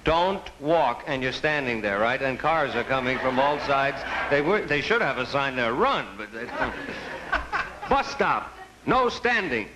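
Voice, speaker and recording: A male stand-up comedian telling deadpan stories, heard on an old TV broadcast. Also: medium pitch, measured pace, background noise. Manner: deadpan storytelling, acts out sign voices. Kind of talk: stand-up routine.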